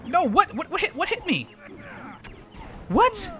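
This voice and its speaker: A young man streaming a video game live, swearing and venting his frustration in loud outbursts. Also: extremely high pitch, huge pitch swings, a little slow. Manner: exasperated, swearing, frequent outbursts. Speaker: gaming streamer. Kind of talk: live gameplay commentary.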